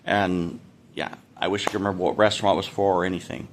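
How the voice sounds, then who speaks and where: A man's voice: low-pitched, flat delivery, quick pace, slight background noise. A man in his fifties talking casually to his followers in a rambling, self-deprecating way. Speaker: content creator. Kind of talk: casual direct-to-camera vlog.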